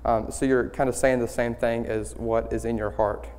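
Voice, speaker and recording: A young man giving a student-led sermon, earnest and halting, with many ums and restarts. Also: mid-range voice, little pitch movement, a little mellow, smooth. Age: young adult. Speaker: student speaker leading worship. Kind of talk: church sermon. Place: church sanctuary. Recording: hall reverb in a church.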